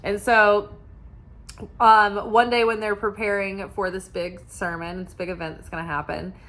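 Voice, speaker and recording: A woman's voice: mid-range voice, level tone, moderate pace, a bit bright. Casual, rambling woman tarot reader; talks with frequent fillers and self-corrections. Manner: rambling, many fillers and restarts. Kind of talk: casual spiritual chat.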